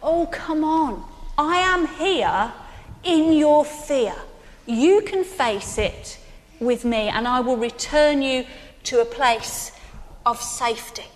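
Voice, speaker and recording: A woman voicing a gentle, caring man who reassures someone frightened, speaking soft and tender. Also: sits high, lively intonation, slow pace, in a large hall.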